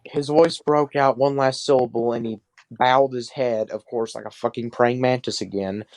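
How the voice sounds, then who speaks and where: Man, podcast host, mock dramatic reading, sarcastic asides, medium pitch, dry sound. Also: fairly even intonation, moderate pace, darkish tone, dry recording. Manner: sarcastic, swearing, laughing asides. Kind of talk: mocking dramatic reading of fan fiction.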